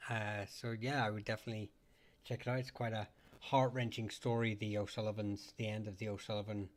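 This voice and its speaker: A man from Northern Ireland hosts a casual live chat, rambling and laughing often as he talks in his Northern Irish accent. His voice is medium-pitched with a darkish tone.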